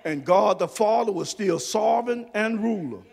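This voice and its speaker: High-voiced man preaching with big swings. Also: animated, normal speed, gravelly, big-room sound. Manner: swings from soft low murmurs to shouted emphasis. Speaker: pastor. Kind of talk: preaching a sermon. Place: church sanctuary.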